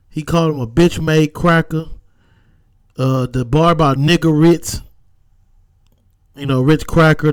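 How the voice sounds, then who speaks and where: A man's voice: a little high, dry recording. A man with a Southern American accent giving a loose, slangy recap of rap battles, with emphatic verdicts. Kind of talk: casual recap commentary.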